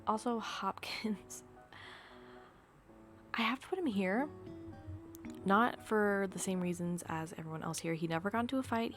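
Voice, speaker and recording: Low gravelly young woman ranting dramatically. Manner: dramatic, exaggerated rants. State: tired, low energy. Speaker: video creator. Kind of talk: casual gaming vlog chat.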